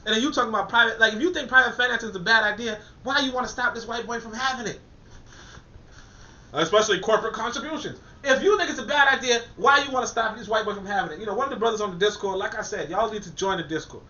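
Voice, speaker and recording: A man's voice: sits high, fast talker, pushed and bright. A man reading a political text aloud and commenting on it in a colloquial, emphatic way, often repeating words as he thinks. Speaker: commentator reviewing a political document. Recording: echoey, dull-sounding room.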